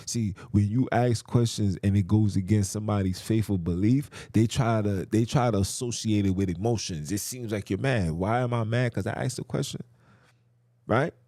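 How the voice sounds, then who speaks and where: A man's voice: on the low side, normal speed, warm tone, no echo, clean studio sound. A man hosting a podcast, telling a story in a heated rant. He fires off rhetorical questions and uses street slang. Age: adult. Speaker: podcast host. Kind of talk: ranting monologue.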